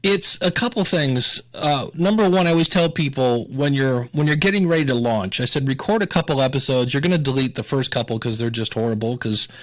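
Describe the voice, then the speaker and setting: Animated storytelling man from Ohio. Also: medium pitch, brisk, hardly any pauses. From Ohio, USA. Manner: animated storyteller, acts out quoted voices. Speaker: podcast consultant, guest. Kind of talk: casual interview talk.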